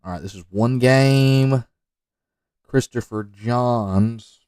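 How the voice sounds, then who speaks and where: A man commenting off the cuff on football highlight film, rambling into joking asides and talking straight to the players. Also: slow pace, a little mellow, clean tone, no room sound, distant mic. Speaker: football recruiting video reviewer.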